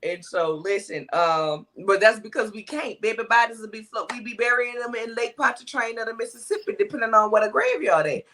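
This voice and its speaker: New Orleans woman panelist, folksy animated storyteller, casual chat. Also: fairly high pitch, brisk, hardly any pauses.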